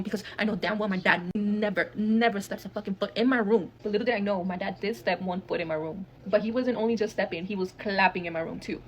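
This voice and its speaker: A woman's voice: mid-range voice, fairly even intonation, fast talker, few pauses, a little hiss or hum. A woman, telling a dramatic personal story in a blunt, heavily cursing manner. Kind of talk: casual storytime monologue.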